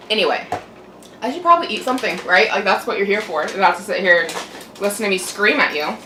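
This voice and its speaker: Chatty and irritated, this young woman vents during a mukbang vlog, cursing and filling her speech with "like." She talks quickly and animatedly in a mid-range voice with a sharp edge, recorded with a distant mic, room echo, and faint hum.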